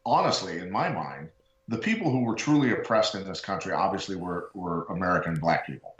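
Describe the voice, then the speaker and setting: A man's voice: sits low, animated, a little fast, a bit bright, roomy sound, highs cut off, slight background noise. A middle-aged man co-hosting a podcast, talking in an earnest, worked-up way in casual chat. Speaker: podcast co-host.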